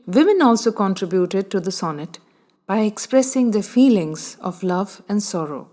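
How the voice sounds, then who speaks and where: A woman teaching a literature lesson in a measured way, explaining step by step and asking the listener questions. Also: medium pitch, warm tone. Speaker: literature lecturer. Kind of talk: explanatory lecture.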